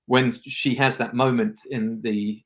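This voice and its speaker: A man's voice: mid-range voice, steady tone, measured pace. A man speaking as a film director guest in a casual interview, reflective and rambling, often restarting his sentences.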